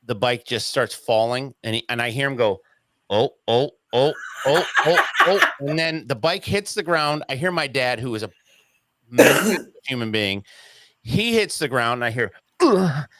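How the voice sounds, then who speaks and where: A man's voice: mid-range voice, animated, normal speed, heavy background noise. A man telling a story as an interview guest, in casual talk that acts out the quoted voices and swears freely.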